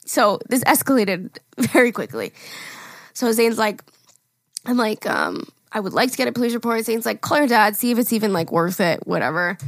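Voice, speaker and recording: A young woman with a fairly high voice tells a story in a casual podcast chat. She acts out what others said, laughs often, and sounds dry and close to the mic. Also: big pitch swings, normal speed, no room sound. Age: young adult. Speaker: podcast co-host.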